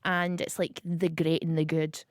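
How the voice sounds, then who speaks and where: A woman's voice: deep voice, level tone, measured pace, no echo. A woman hosting a radio show in a studio, chatting casually, laughing often and jumping between tangents. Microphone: studio microphone.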